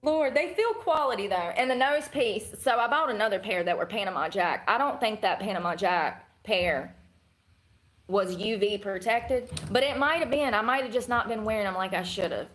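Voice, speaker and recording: A woman's voice: mid-range voice, normal speed, a bit bright, low-quality recording. A woman streaming live, chatting in a candid, rambling, slangy way and laughing often. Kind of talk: casual live-stream chat.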